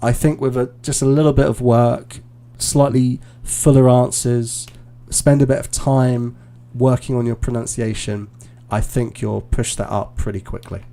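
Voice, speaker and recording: A man with a gravelly, creaky voice gives a student feedback during a live online lesson. He is relaxed and encouraging and often pauses, restarts and fills gaps with "um" as he explains. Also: mid-range voice. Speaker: IELTS teacher and examiner. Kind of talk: live-streamed feedback after a mock speaking test.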